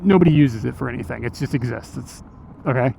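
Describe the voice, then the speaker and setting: A man with a gravelly, mellow voice chats easily while streaming on a city street. He laughs often as he tells his story, and faint traffic noise hums behind him. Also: medium pitch, fast. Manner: laid-back, chatty, laughs often. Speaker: IRL streamer. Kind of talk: casual storytelling on a walk.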